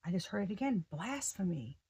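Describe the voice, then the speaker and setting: Excitable woman giving a tarot reading. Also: mid-range voice, unhurried. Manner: excitable, breaks off mid-sentence and restarts; slangy and profane. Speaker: tarot reader. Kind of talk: casual spiritual reading.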